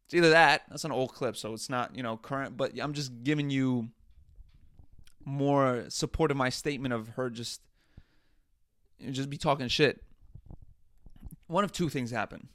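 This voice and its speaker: A man's voice: medium pitch, normal speed, long pauses, fairly bright tone, no room sound. A man hosting a podcast, delivering comedic commentary in an exasperated, profane rant. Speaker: podcast host.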